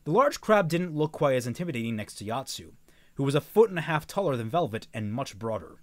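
A man's voice: medium pitch, very animated, brisk, no echo. A young man reading a novel aloud on a live stream, often stumbling, rereading phrases and breaking off to make joking comments.

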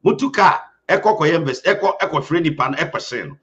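A man's voice: on the high side, animated, a little fast, a bit bright. A man with a Ghanaian accent giving impassioned, urgent commentary as a host, speaking emphatically. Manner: urgent and emphatic, mixing Twi and English. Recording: dull lo-fi sound.

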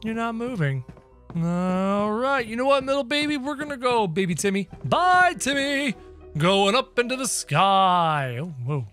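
A man giving playful, excitable let's-play commentary while talking to his viewers. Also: high-pitched, measured pace, soft background music. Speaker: gameplay video creator.

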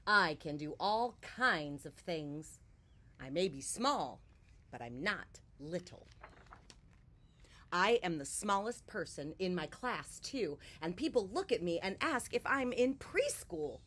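A woman storyteller reads a picture book aloud to children, in a slow, unhurried way. Her voice sits a little low, and she drops to hushed whispers, then bursts out loud. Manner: expressive, swings between hushed whispers and loud outbursts. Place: porch, outdoors.

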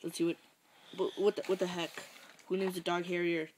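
A woman's voice: on the low side, level tone, brisk, darkish tone, a little hiss or hum, rough recording. A woman chatting casually and goofily, exclaiming a lot and swearing. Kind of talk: casual chat.

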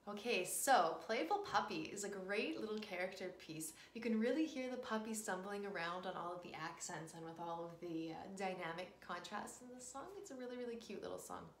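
A woman's voice: medium pitch, lively intonation, brisk, hardly any pauses, slight background noise. Upbeat woman teaching piano, echoey room. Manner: upbeat, encouraging, talks to the student directly. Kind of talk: friendly mini lesson with piano demonstrations.

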